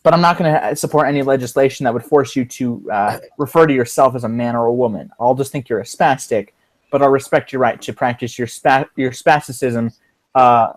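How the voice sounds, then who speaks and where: A man's voice: mid-range voice, brisk, dry recording. A man talks loosely on a livestream call, rambling and cursing freely. His mid-range voice is heard through a computer mic, full of fillers and restarts. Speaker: livestream co-host. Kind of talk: casual livestream chat.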